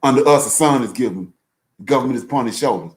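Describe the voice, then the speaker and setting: A man reading scripture aloud slowly and then explaining it as a Bible teacher, repeating points for emphasis. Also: medium pitch, lively intonation. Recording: echoey room.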